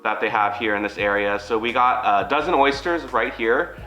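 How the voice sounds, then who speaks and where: A man co-hosts an eating show with a bright, forward voice, talking viewers through each dish in an easy, chatty way. His voice carries a roomy echo, with faint music playing underneath. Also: on the low side, normal speed. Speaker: mukbang co-host. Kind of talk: casual chat.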